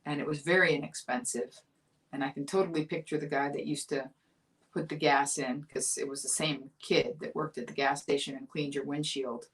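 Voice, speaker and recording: A woman in her fifties from Florida, with a low, grounded voice, hosts her own livestream talk show. She tells a childhood story in a chatty, amused way and laughs as she talks. Her voice sounds a little distant from the microphone. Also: fairly even intonation, normal speed. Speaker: comedian host of a weekly livestream talk show. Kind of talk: casual storytelling monologue.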